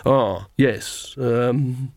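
A man's voice: medium pitch, extremely slow, darkish tone, no room sound, studio quality. A man voicing a timid young witch woman who hesitates and stammers. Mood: flustered.

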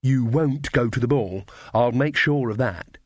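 A man's voice: mid-range voice, measured pace, no echo, clean studio sound, lightly acted. A man voicing a timid young witch woman. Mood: firm.

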